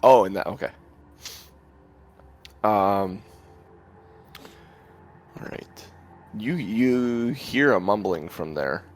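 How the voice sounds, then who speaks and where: A man with a very low voice narrates a tabletop game as dungeon master. He describes the scene in a halting way and fills gaps with ums. Soft music plays under him. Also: animated. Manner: hesitant, many ums.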